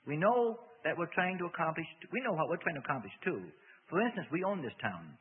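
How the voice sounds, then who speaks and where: A man's voice: on the high side, very animated, brisk, noisy background. A man voicing a smug, resigned male demon, talking matter-of-factly and relishing trouble. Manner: matter-of-fact, smugly relishing. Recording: tinny radio broadcast with long hall reverb.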